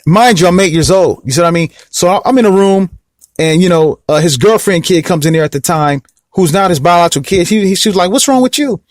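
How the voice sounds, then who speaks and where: A man's voice: high-pitched, fast talker, no room sound, clean studio sound. A young man casually telling a personal story to the camera, rambling and repeating himself and often asking whether you know what he means. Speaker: vlog host.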